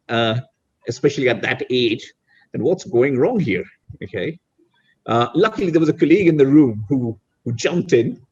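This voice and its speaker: A man's voice: mid-range voice, breathy edge, dull audio. A middle-aged man from India, a guest on a video call talk show, speaking reflectively with frequent restarts. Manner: reflective, many restarts and "you know". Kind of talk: casual interview chat.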